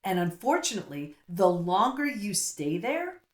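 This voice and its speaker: A woman's voice: medium pitch, very animated. A middle-aged woman, a psychologist guest, telling her story in an earnest, casual interview manner. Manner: earnest, storytelling, quick asides. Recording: roomy echo.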